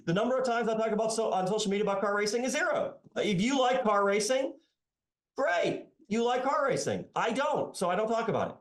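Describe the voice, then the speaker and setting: A man in his fifties, an economics professor, talking in a podcast interview in a sarcastic, animated way. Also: high voice, brisk, reverberant. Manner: animated and sarcastic, voicing his critics mockingly. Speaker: economics professor and author, guest.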